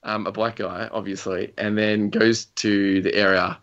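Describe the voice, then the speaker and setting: A man's voice: fairly low pitch, level tone, measured pace, fairly bright tone. A young man chatting casually about a video game, rambling through stories with lots of fillers and chuckles. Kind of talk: casual gaming chat. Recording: slightly dull lo-fi recording.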